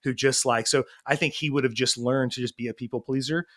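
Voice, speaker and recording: A middle-aged man, a parenting coach, talking in a casual interview and telling stories with lively, acted-out quotes. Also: mid-range voice, a little fast. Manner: animated storytelling, acting out quoted voices.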